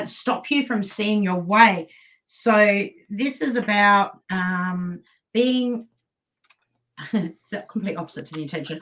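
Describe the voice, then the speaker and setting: An Australian woman in a mid-range voice reads cards live on a stream. She talks softly and thinks aloud, often pausing on "um" as she searches for the words. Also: mid-range voice, muffled recording. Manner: gentle, hesitant, many "um"s. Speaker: psychic reader. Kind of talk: live online card reading.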